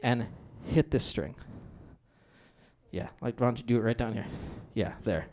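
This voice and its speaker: A man's voice: mid-range voice, a little slow. A middle-aged male pastor preaching a sermon in a conversational, playful way. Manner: conversational, lively and playful with the congregation.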